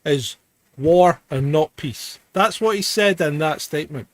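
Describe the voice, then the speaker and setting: A man's voice: on the high side, unhurried, dry recording. Blunt man hosting a podcast. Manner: blunt, plain-spoken, swears. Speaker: podcast host. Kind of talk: casual chat.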